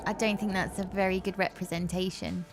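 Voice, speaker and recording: A woman's voice: medium pitch, flat delivery, fairly quick, music in the background. A woman co-hosting a casual livestream, teasing and joking along.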